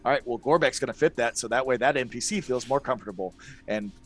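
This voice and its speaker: A man's voice: medium pitch, fast talker. A man chatting casually as a podcast guest, rambling and self-deprecating with many restarts. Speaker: guest player.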